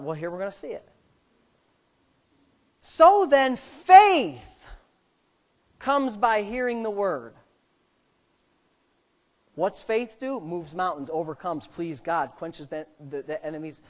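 A preacher with a mid-range voice delivers a sermon, firing rhetorical questions at the congregation. He moves between quiet asides and loud, slowed-down emphasis, and jokes lightly with his listeners.

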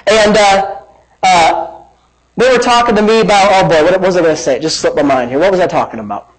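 A man preaching a sermon as pastor, building to emphatic shouts and joking asides. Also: sits high, brisk, rough recording.

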